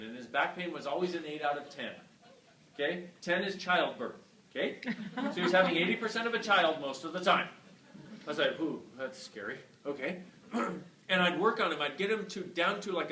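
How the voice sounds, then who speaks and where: Animated man telling a story in an echoey room. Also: on the high side. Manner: animated storytelling, swearing, voices quotes. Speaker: workshop facilitator. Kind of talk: live talk to a class. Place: class venue hall. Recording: echoey room from far off with faint noise.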